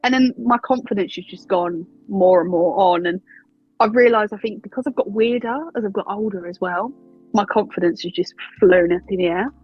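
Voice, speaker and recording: A woman's voice: medium pitch, normal speed, husky, muffled recording, faint music behind. A woman in her twenties with an Essex accent, answering interview questions in a chatty, candid way and laughing easily. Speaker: wrestling announcer and interviewer.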